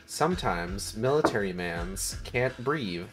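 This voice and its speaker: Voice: low voice, takes it slowly, over music. A game streamer chatting casually with dry, joking asides. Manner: jokey, deadpan asides. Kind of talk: casual co-op gameplay chat.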